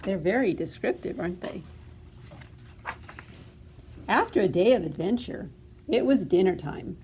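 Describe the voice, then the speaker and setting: A woman librarian reading a picture book aloud at children's storytime, expressive and asking little questions. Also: mid-range voice, measured pace, a little hiss or hum.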